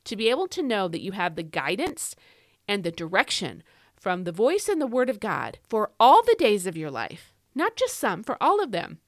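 A middle-aged woman teaches on her devotional podcast. She sounds earnest and emphatic, and she repeats her key phrases to press them home. Her voice sits at a medium pitch and is recorded close and dry, with no room sound. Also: wildly swooping pitch, normal speed, dry recording. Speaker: podcast host.

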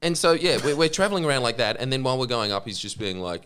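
A man's voice: medium pitch, animated, fast, few pauses, fairly bright tone, smooth. A man, co-hosting a podcast and telling a long story in a rambling, self-mocking way. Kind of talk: casual storytelling chat.

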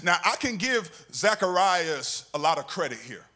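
Lively high-voiced man preaching. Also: moderate pace. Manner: animated, sing-song preaching with shouts and acted-out voices. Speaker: pastor. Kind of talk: sermon.

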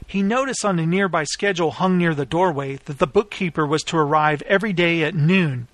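A man reading his own story aloud as its narrator, in a steady, plain storytelling manner. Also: on the high side, fairly quick, no echo. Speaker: author and narrator. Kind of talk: scripted audiobook narration.

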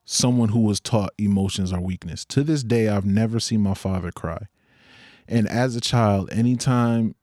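A man's voice: on the low side, darkish tone, no room sound, clean studio sound. A young man speaking in an earnest, candid personal monologue, with occasional rueful laughs.

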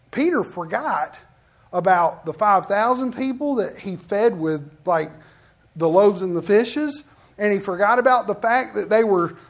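Animated preacher man. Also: high voice. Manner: animated, acts out quoted prayers and Bible figures. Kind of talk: sermon.

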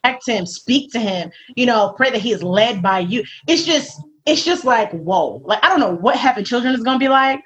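A woman as an interview guest in casual faith-centred chat, animated and laughing often, acting out the voices she quotes. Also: a little high, moderate pace, few pauses. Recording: dull lo-fi recording.

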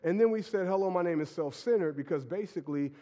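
A man who is a pastor and is sick, preaching a casual, energetic sermon full of fillers and laughs. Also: high voice, fast, long reverb tail. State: sick with a stuffy nose. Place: church sanctuary.

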